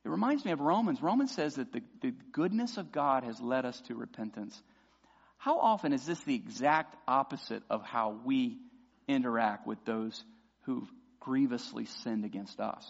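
A man preaching a sermon as pastor, passionate and building to loud emphatic peaks. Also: mid-range voice, expressive, normal speed, creaky, husky. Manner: impassioned preaching, voices imagined prayers loudly. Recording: dull sound with long hall reverb.

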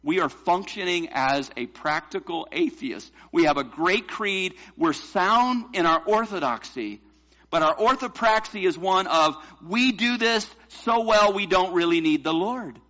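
A man's voice: high voice, expressive, unhurried, pushed and bright, muffled recording. A man preaching a sermon, pressing points home with rhetorical questions to the congregation. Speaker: pastor.

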